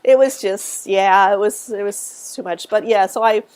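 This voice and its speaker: A middle-aged woman, a guest author, telling stories on a casual podcast, animated and laughing often as she restarts her sentences. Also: mid-range voice, unhurried, clear, resonant tone.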